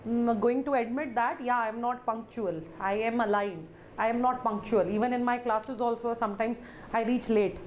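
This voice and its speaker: A woman with an Indian English accent teaching a live online class. Her voice is high and bright, and she keeps up playful, dramatic chatter with her students. She slips Hindi words into her English as she talks. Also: steady tone, normal speed, slight background noise.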